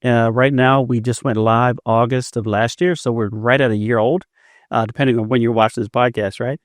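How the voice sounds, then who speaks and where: An entrepreneur in his fifties tells stories as a guest in a casual business interview, often repeating words as he begins a sentence. His medium-pitched voice is steady and moderately paced, recorded with studio quality and no echo.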